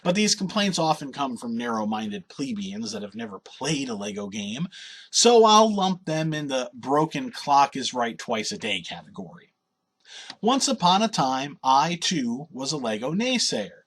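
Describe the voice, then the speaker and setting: A man's voice: mid-range voice, sing-song, a little slow, fairly bright tone, husky. A man reading a scripted video game review in an opinionated, wry and sardonic way.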